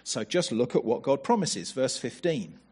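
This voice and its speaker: Husky-voiced man preaching with lively pitch. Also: normal speed. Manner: conversational, asks rhetorical questions, repeats words when starting. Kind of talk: sermon.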